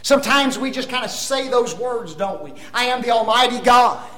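A man preaching a sermon, emphatic, with rhetorical tag questions and dramatic swings between loud declarations and hushed asides. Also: very high voice, moderate pace. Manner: addresses the congregation as folks.

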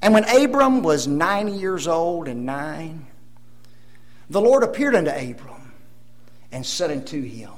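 A man preaching a sermon, emphatic, with rhetorical tag questions and dramatic swings between loud declarations and hushed asides. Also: fairly high pitch, sing-song, a little slow, pauses often. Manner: addresses the congregation as folks.

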